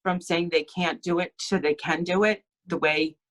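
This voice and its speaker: A woman speaks in a low, earnest voice as she shares a personal testimony. She halts and restarts, close to tears, live from home over a video call. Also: fairly even intonation. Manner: tearful, earnest, halting. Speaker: team member sharing her story.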